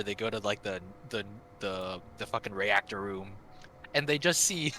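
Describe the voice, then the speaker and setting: A man telling gaming stories in casual chat, animated and swearing freely. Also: on the low side, moderate pace, a little hiss or hum. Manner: animated, swears a lot, acts out quotes. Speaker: gaming friend on stream.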